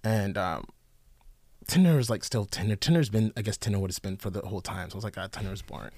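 A man's voice: lowish voice, lively intonation, fast, darkish tone, breathy edge, no room sound, clean studio sound. A man co-hosting a casual podcast, rambling with many restarts and laughing often. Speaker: podcast co-host.

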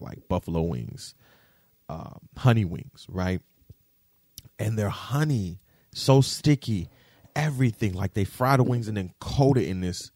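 Man, casual storytelling, animated and profane, dry close sound. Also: lowish voice, dry recording. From Detroit. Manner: animated, profane, keeps checking in with the audience.

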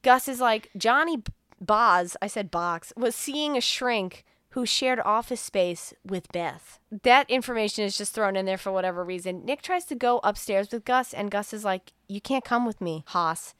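A woman's voice: medium pitch, normal speed, clear, resonant tone, no echo, clean studio sound. A woman co-hosting a podcast, retelling a movie plot in casual chat, acting out the characters' lines with plenty of swearing. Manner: animated recap with quoted dialogue, frequent swearing and laughs.

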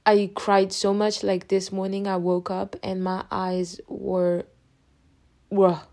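A woman's voice: mid-range voice, flat delivery, takes it slowly, darkish tone. A young adult woman hosting a podcast, giving a candid, rambling personal update with many restarts and affectionate words for her listeners. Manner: openly emotional, affectionate toward listeners. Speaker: podcast host. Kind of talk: casual personal update monologue.

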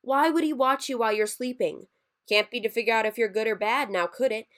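A woman's voice: medium pitch, lively intonation, moderate pace, lightly acted. Woman doing wheedling reptilian Santa creature. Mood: pleading. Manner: eager, wheedling, defensive. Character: scheming reptilian male Santa creature, pushy. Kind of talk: audiobook story reading.

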